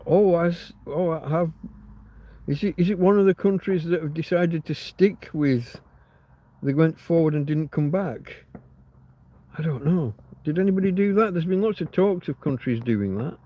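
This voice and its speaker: A man's voice: a little high, normal speed, mellow. A man from England, hosting a rambling live chat and talking to himself as he works things out. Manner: musing, self-interrupting, easily puzzled. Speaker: livestream host. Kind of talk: rambling live chat, reading comments aloud. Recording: slightly dull, lo-fi stream audio.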